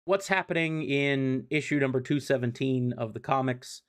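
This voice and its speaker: A man's voice: mid-range voice, moderate pace, smooth. Casual, profane male streamer recapping comics. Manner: loose and profane, lots of "um" and "like"; enthusiastic fan opinions.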